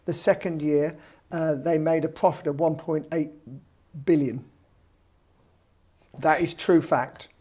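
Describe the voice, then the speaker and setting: Blunt British property man, slightly high voice. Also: steady tone, slow pace, long pauses, dark tone. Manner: blunt, anecdotal, wry asides. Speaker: property developer guest. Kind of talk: casual podcast chat.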